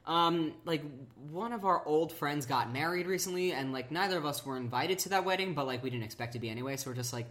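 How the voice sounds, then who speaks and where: A woman's voice: deep voice, quick pace, hardly any pauses, a bit bright. A woman co-hosting a casual chat who rambles through tangents, full of fillers.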